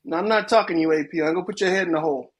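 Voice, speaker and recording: Husky high-voiced taunting man. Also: racing. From United States. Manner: taunting, trash-talking. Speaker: host. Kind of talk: heated casual argument.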